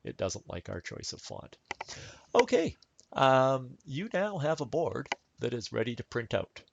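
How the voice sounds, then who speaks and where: A man giving a relaxed, chatty step-by-step software tutorial over a screen recording. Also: mid-range voice, measured pace, gravelly, dull audio, slight background noise. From Canada. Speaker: instructor.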